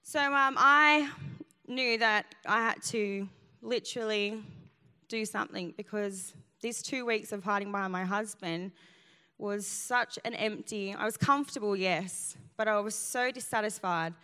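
A woman's voice: medium pitch, a little slow, bright, forceful tone, smooth. A woman pastor preaching a sermon, telling a personal story in an emphatic way. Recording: long hall reverb.

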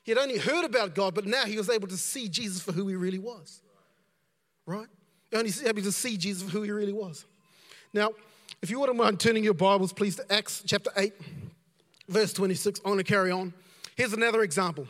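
A man's voice: high-pitched, fairly quick, fairly bright tone, long reverb tail. A man preaching a conversational sermon as a pastor, repeating himself and dropping in asides.

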